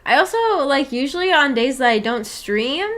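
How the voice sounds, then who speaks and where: Chatty young woman with a higher voice. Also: lively intonation, moderate pace, a bit bright. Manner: chatty and giggly, with frequent restarts. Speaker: streamer hosting a book club. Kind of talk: casual live-stream chat.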